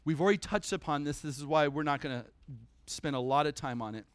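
A man preaching a sermon at a church service, animated and conversational, breaking into humorous asides. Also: fairly high pitch, quick pace, clean tone, no echo.

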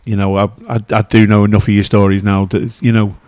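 A man's voice: on the low side, flat delivery, a little mellow. A man hosting a casual interview, stumbling and restarting his sentences as he asks questions. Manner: halting, many restarts and fillers. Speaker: podcast host.

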